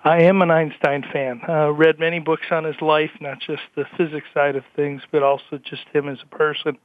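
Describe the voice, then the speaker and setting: A man's voice: on the high side, moderate pace. Man on a tinny phone line. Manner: relaxed, hesitant with fillers. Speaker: panel guest. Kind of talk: casual radio chat.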